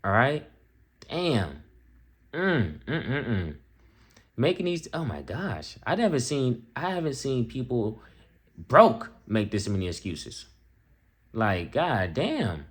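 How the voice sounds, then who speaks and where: A man's voice: medium pitch, huge pitch swings, slow pace, long pauses, husky. A young man hosting a reaction video, mocking bluntly in casual slang.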